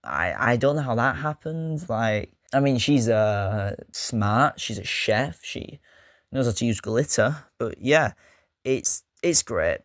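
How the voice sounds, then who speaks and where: A man's voice: medium pitch, no room sound, studio quality. A man hosting a casual vlog, talking in a rambling, joking way with self-mocking asides. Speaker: YouTube host.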